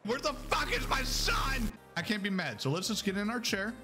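Loud joking young man streaming. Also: high-pitched, big pitch swings, moderate pace, loud music behind the voice. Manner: loud, joking, laughing, swears a lot. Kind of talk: casual live-stream chat.

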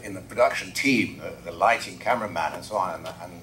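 Wry English actor, lowish voice. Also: male voice, quick pace, a bit bright, slight background noise. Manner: reflective, wry, self-deprecating. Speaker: actor on a convention panel. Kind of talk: anecdotal panel talk. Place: convention panel room.

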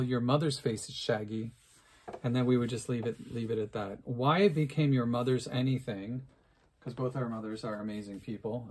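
A middle-aged man chats loosely as he works on a craft project, rambling, self-mocking and full of fillers. His voice sits at an ordinary pitch, with faint noise in the background. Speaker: crafts video host. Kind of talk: unscripted casual craft vlog.

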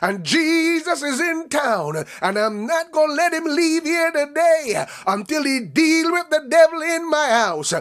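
A frantic mother repeats her plea over and over, voiced by a man in the middle of a sermon. The voice sits very high and moves widely, urgent and unrelenting. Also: sing-song, unhurried, few pauses, fairly bright tone, heavily acted. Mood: determined. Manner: pleading, insistent, repetitive. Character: desperate mother begging for her daughter.

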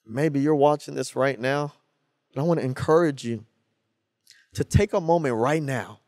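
A young man preaching to a youth group in a slangy, energetic style with call-and-response. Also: mid-range voice, moderate pace, dry recording, clean studio sound. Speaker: youth pastor. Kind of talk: sermon.

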